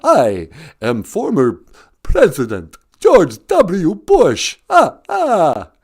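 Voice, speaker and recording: A man voicing a pompous vampire count with a high, booming, drawn-out delivery that cackles. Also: wildly swooping pitch, darkish tone, breathy edge, exaggerated voice. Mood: boastful.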